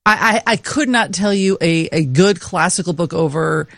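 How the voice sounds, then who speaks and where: A woman's voice: lowish voice, moderate pace, vocal fry, fairly bright tone, dry recording. Chatty self-mocking woman podcaster. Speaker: podcast co-host. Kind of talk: casual chat.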